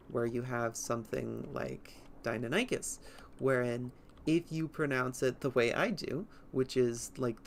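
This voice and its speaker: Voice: mid-range voice, a little hiss or hum. A streamer chatting nerdily through a livestream of a game, rambling with giggles at a home setup. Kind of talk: livestream gameplay commentary.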